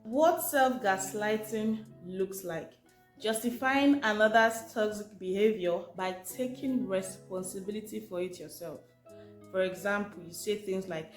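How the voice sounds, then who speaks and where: A woman with a medium-pitched voice gives an informal, chatty lesson a little slowly, posing rhetorical questions to her audience. The room echoes and faint music plays in the background.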